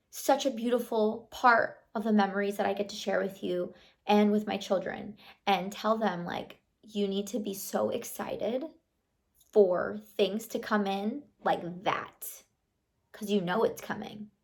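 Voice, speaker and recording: A woman's voice: mid-range voice, steady tone, a little slow. Mom vlogger lady in her 30s, gushy pep talk, like, you know, loves on her viewers. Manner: warm, chatty, affirming, with fillers like "like" and "you know". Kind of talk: casual motivational chat to camera.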